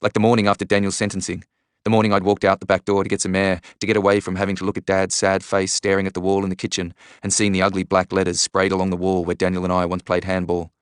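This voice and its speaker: A man narrating a first-person audiobook in a measured, even storytelling manner. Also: sits low, clean tone, dry recording, clean studio sound.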